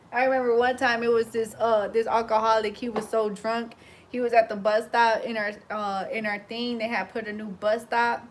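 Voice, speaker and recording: A woman braider chatting casually while she does hair, telling animated stories and laughing often. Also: a little high. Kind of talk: casual chat while doing hair on a livestream.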